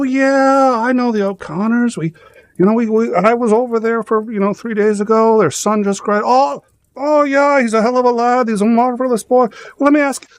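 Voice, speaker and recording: A man's voice: no room sound, lightly acted. A man voicing a chatty policeman in a joke, with a stammering delivery. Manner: high-pitched, stammering joke-telling voice. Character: chatty Irish male cop.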